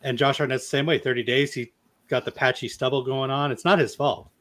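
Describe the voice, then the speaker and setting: A man's voice: mid-range voice, steady tone, a little fast, fairly bright tone. A man co-hosting a podcast, chatting casually in a wry, self-deprecating way. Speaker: podcast co-host. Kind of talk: casual chat.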